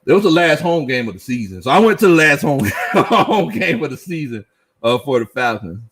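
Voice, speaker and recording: A man's voice: on the high side, fairly quick. A middle-aged man hosting a casual sports live stream, reading viewer comments and laughing often. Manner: laughs often, animated, Southern slang. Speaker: sports show host.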